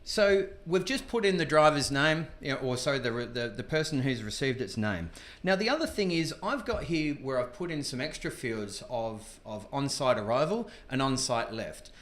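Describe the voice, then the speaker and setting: A man casually presenting a software tutorial, chatty and informal with frequent asides. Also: mid-range voice, very animated, normal speed, few pauses. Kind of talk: casual screen-demo tutorial. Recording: echoey room.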